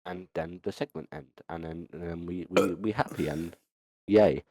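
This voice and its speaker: A man's voice: sits low, moderate pace, a little mellow, no room sound. A man hosting a casual podcast chat, rambling with many ums and restarts. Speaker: podcast host.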